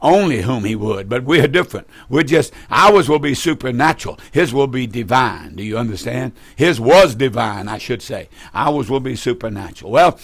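A man's voice: mid-range voice, expressive, normal speed, few pauses, dry recording. A man preaching fervently on a broadcast, repeating phrases for emphasis.

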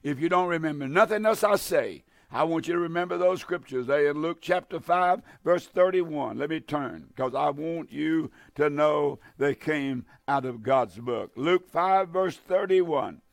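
Guy preaching hard on a radio broadcast, kinda high, gravelly, dry close sound, says stuff over and over. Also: measured pace, hardly any pauses, no room sound. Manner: fervent, repetitive exhortation with many fillers. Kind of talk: broadcast sermon.

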